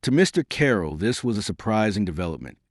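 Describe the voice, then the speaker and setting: Low, lively male audiobook narrator. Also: quick pace, no room sound, clean studio sound. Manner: expressive, theatrical reading. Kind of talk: scripted narration.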